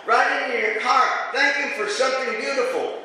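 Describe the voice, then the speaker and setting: A man preaching a sermon to his congregation, animated and asking for amens. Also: very high voice, moderate pace. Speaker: pastor. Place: church. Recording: echoey hall, mic from far off.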